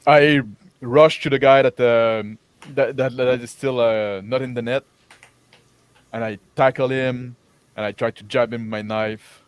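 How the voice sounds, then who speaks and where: A man with a smooth, clean voice plays a tabletop game, recorded dry and close. He stammers in quick bursts as he describes his attack. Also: medium pitch, fairly even intonation, dry recording. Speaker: player.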